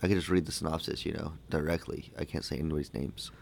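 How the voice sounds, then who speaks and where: A man co-hosting a casual movie podcast, joking around and rambling with halting fillers. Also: extremely low pitch, fairly even intonation, creaky, a little mellow. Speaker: podcast co-host.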